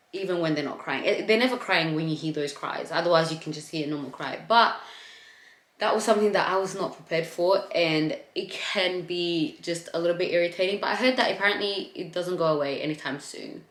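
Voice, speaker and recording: A young woman vlogging about her postpartum experience in a candid, chatty way, talking straight to her viewers. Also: on the low side. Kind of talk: casual chat to camera. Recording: echoey room.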